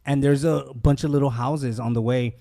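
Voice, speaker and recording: A man's voice: mid-range voice, fairly even intonation, normal speed, creaky, mellow. A young man hosting a podcast, telling a story in casual chat, swearing freely and acting out other people's lines. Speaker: podcast host.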